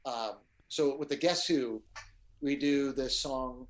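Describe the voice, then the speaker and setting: A middle-aged guest musician chats casually, telling stage anecdotes and acting out the quotes with animation. His voice is mid-range and slow.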